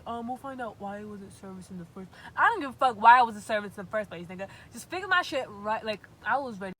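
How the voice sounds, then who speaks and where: A young woman from Massachusetts telling a storytime vlog with animated, profane, exasperated storytelling. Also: mid-range voice, fast talker, background noise. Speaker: vlogger.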